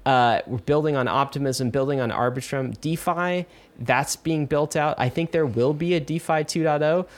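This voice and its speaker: A man co-hosting a podcast in casual chat, talking in an animated, emphatic way with lots of fillers. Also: on the high side, moderate pace. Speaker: podcast co-host.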